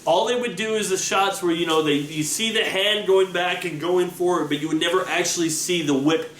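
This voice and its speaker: A young man telling stories in a casual chat, animated and full of restarts. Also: fairly quick, slight background noise. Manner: animated storytelling, excited rising pitch, many restarts. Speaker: vlogger answering viewer questions. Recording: echoey room with faint ambience.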